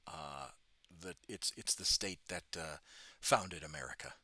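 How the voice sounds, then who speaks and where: A man's voice: low voice, big pitch swings, measured pace, vocal fry, pushed and bright, dry recording. A man from Boston with a faint Boston accent, chatting casually and jokingly on his livestream, often stopping and restarting. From Boston, New England. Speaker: livestreamer painting miniatures.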